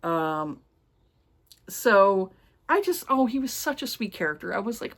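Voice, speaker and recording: A woman's voice: medium pitch, big pitch swings, a little slow, long pauses, a bit bright. Gushing chatty woman reviewing books. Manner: gushing, rambling, many fillers. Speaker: book reviewer. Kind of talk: casual book review chat.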